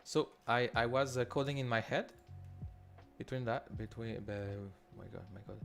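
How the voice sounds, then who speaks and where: A man with a Quebec French accent talks through code live, mid-pitched and even. He thinks aloud and stops often to restart his sentences. A light bed of music plays underneath. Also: normal speed, vocal fry. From Quebec, Canada. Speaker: developer leading a builder session. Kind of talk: live coding walkthrough.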